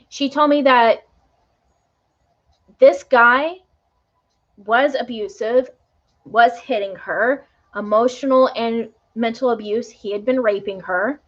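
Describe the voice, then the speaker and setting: A woman's voice: on the high side, muffled recording. A woman tarot reader talking earnestly and emotionally to viewers of a live stream, often tagging on "right?".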